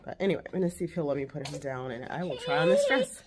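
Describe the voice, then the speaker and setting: A woman chatting casually at home as a vlogger and mother, animated and quick to laugh. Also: sits low, very noisy. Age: 40s. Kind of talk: casual chat.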